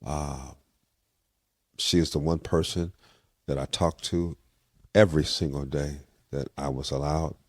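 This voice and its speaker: Older male interview guest with a very deep voice, recorded dry; tells stories with lively acted-out dialogue. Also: measured pace, pauses often, no echo. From California. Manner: lively storyteller, acts out quoted dialogue. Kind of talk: casual storytelling interview.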